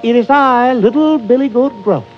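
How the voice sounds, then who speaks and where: A man voicing a small timid young billy goat, pleading in a raised voice. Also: normal speed. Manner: high pleading voice. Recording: dull lo-fi recording with faint music.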